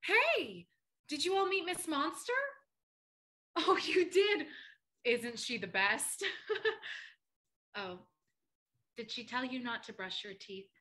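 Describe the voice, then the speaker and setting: A woman leads a children's theater class in a high, animated voice. She sounds cheerful and encouraging. Her tone is bright. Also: slow, pauses often. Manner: cheerful and encouraging, laughing easily.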